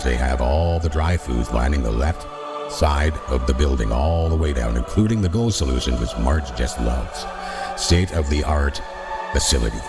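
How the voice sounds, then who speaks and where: A man putting on a booming deep narrator voice. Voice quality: very deep and unhurried. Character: slow gravel-deep male narrator, grand and calm. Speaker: ad reader. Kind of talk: sponsor ad read. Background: loud music bed.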